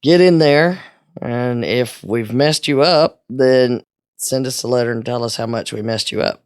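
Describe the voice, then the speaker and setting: A woman co-hosting a podcast in casual chat, low-key, often trailing off and restarting. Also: unhurried, darkish tone, clean tone, no room sound, studio quality. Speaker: podcast co-host.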